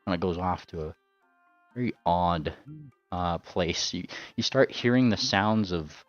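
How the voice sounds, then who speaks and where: A man's voice: low-pitched, a little slow, no room sound, faint music behind. A man running a tabletop game as game master, rambling with lots of fillers and repeated words. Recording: dull lo-fi sound.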